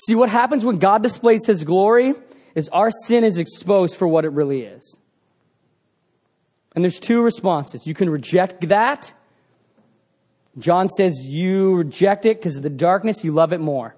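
A young adult man with a high-pitched voice preaching to his church. He talks casually and acts out the people in his stories, with lively swings in pitch and loudness. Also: normal speed. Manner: animated, acts out quoted voices. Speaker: pastor. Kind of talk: sermon.

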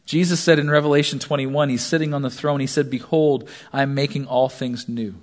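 A man in his thirties preaching a sermon, telling stories animatedly and swinging between hushed asides and loud shouts. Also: medium pitch, steady tone, fairly quick. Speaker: pastor.

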